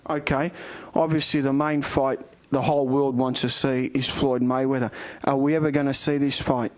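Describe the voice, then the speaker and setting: A man with an Australian accent hosting a boxing show, asking long, energetic leading questions. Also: mid-range voice, normal speed. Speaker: boxing show host, interviewer. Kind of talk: TV interview. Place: indoors in the Philippines.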